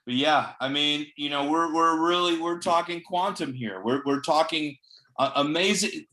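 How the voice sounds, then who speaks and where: A man's voice: on the high side, normal speed, sharp tone. A man leading a casual group discussion over a video call, upbeat and enthusiastic. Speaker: discussion leader.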